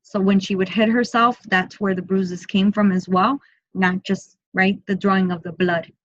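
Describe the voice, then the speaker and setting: A woman working as a medium, giving an online group reading in a soft, slow, repetitive way and often speaking in first person for the spirit. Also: medium pitch, fairly even intonation, no echo, dull audio.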